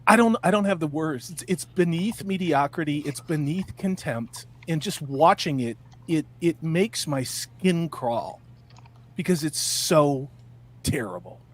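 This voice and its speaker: A male co-host in a casual reaction chat, with a voice pitched high for a man. He sounds exasperated and scornful, stumbling and restarting as he tears into what he watches. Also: animated, measured pace.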